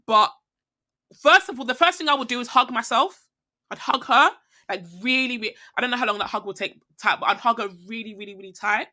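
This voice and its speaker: A woman's voice: fairly high pitch, brisk, pushed and bright. A young woman who is a podcast guest, talking reflectively and rambling, often checking in with the listener. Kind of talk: reflective casual conversation.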